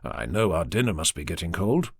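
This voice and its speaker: A man reading an audiobook voices a sardonic, heartless man who speaks in a low, quiet drawl. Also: sing-song, a little fast, vocal fry, slightly rough, no room sound, studio quality, exaggerated voice. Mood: coolly dismissive.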